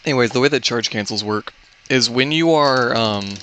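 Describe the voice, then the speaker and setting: A man's voice: mid-range voice, moderate pace, bright, forceful tone, faint music behind. A man giving casual live commentary on his own speedrun, explaining game mechanics with many fillers and restarts.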